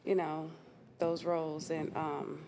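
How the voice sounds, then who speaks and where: A woman's voice: sits low, level tone, takes it slowly, warm tone. Chatty woman explaining on a podcast. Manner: explanatory, many ums and you-knows. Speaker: podcast co-host. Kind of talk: casual chat.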